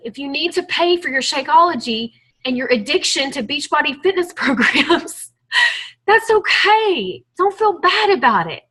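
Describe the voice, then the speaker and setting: A woman's voice: sits high, sharp tone, rough recording. A woman leading a team call, giving an earnest, emotional motivational talk to her group. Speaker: team leader on a coaching call.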